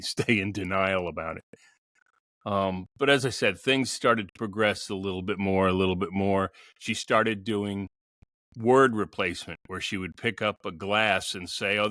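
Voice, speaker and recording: A man's voice: deep voice, pushed and bright, no echo, clean studio sound. A middle-aged man, a podcast guest, telling a personal story in a candid, wry way.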